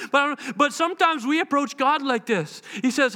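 A man preaching a sermon in a conversational, animated way, acting out the quotes he tells. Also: very high voice, moderate pace, few pauses, big-room sound. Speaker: pastor.

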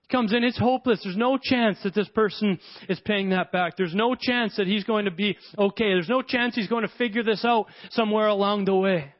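A man's voice: sits high, brisk, hardly any pauses, lo-fi sound. A man preaching a sermon in a conversational way, acting out the characters of a parable as he retells it.

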